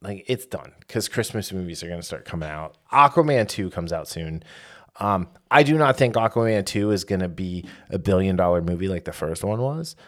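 Low-voiced man rattling off box-office numbers. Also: animated, moderate pace. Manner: rattles off box-office figures with fillers and self-corrections. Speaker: podcast co-host. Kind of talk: casual podcast chat.

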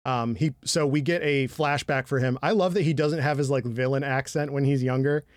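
A young man co-hosting a casual anime podcast, animated and laughing, often slipping into loud impressions of characters. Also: mid-range voice, brisk, dry recording, clean studio sound. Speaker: podcast co-host.

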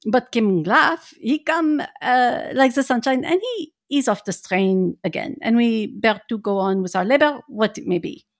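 A woman reading the part of a grieving old male professor who speaks in halting, broken English and laughs through his lines. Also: on the high side. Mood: earnest, wistful. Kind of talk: dramatic reading aloud.

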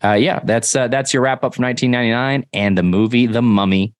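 A man's voice: medium pitch, fairly even intonation, fast. A man co-hosting a podcast in casual chat, rambling with many fillers. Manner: rambling, filler-heavy, loud bursts when quoting yells. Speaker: podcast co-host.

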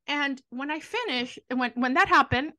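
Bright-voiced animated woman storyteller. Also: sits high, normal speed, no room sound. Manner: animated storyteller who acts out what others said. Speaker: podcast co-host. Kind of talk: casual chat.

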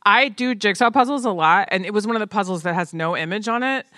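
A woman's voice: medium pitch, fast, pushed and bright, no echo, studio quality. A woman actor on a panel, telling stories animatedly and acting out the quoted dialogue. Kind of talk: panel storytelling.

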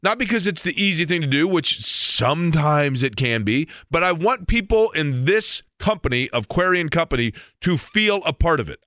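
A man's voice: fairly high pitch, sharp tone, dry recording, clean studio sound. A middle-aged man hosting a sports talk radio show, rambling playfully and poking fun at himself. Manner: rambling, playful, self-mocking.

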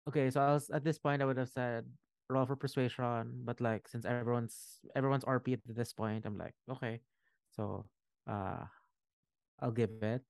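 A man's voice: medium pitch, fairly even intonation, moderate pace, vocal fry, a little mellow, dry recording. A man running a tabletop game, chatty and checking in with players often. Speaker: game master.

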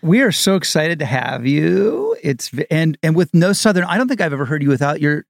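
A man co-hosting a podcast in casual chat, eager and excitable, with bursts of enthusiasm. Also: on the high side, a little fast, gravelly, no room sound, studio quality. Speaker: podcast co-host.

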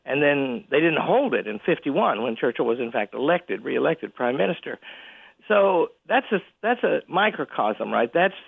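Gravelly man on a tinny phone line. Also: fairly high pitch, very animated, no room sound. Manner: chuckling, halting, many restarts. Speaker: college president, guest. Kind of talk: radio interview.

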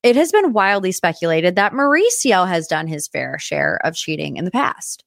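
A young woman hosting a podcast, chatting casually about celebrity gossip in an animated way, with dramatic asides. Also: fairly low pitch, moderate pace, gravelly, no room sound, clean studio sound. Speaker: podcast host. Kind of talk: casual pop-culture gossip chat.

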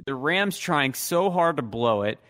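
A man's voice: a little high, expressive, measured pace, fairly bright tone. A man co-hosting a podcast, breaking down games in a dry, wry way. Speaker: podcast co-host. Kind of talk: casual sports analysis chat.

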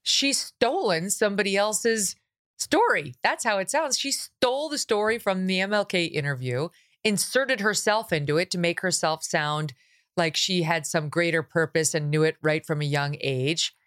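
A woman hosting a podcast, her voice sitting on the low side and recorded dry and close. She talks bluntly and emphatically, pressing her points with open disbelief. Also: normal speed, a bit bright, no echo. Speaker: podcast host. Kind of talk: interview podcast.

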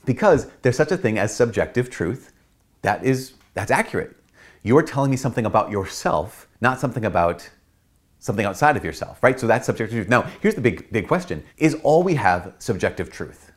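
A man's voice: lowish voice, sing-song, a little fast. A man, a priest hosting his channel, explaining an idea in a casual teaching talk, repeating key points and acting out quotes in playful voices.

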